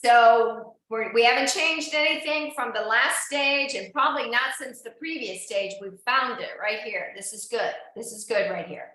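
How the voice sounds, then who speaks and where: Leading a live online indoor cycling class, a woman instructor encourages her riders and calls on each of them by name. Her voice is on the high side and fairly bright, moving at a moderate pace with few pauses. The room she's in is very echoey.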